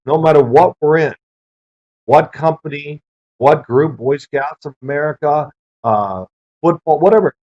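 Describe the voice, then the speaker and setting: Middle-aged male guest, fairly high-pitched, spins lively anecdotes, dull recording. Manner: lively storyteller who acts out quoted people. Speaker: interview guest, former pro quarterback. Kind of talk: anecdotal interview answers. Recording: dull lo-fi sound.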